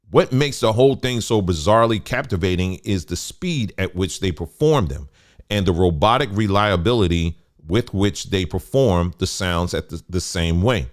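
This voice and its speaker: Low-voiced man reading with heated asides. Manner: conversational, stops to add remarks, gets heated. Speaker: commentary host. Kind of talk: reading an article aloud with commentary.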